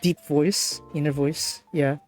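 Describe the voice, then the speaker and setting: A woman streamer reading and translating a visual novel live in a playful, animated way. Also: low voice, slow, soft background music. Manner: playful, animated, laughs often.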